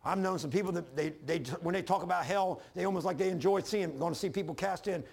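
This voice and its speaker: A man preaching a fervent sermon as pastor, swinging from loud emphasis to hushed lows and calling on the congregation to answer. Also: fast, vocal fry, slightly rough. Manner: calls for congregation responses.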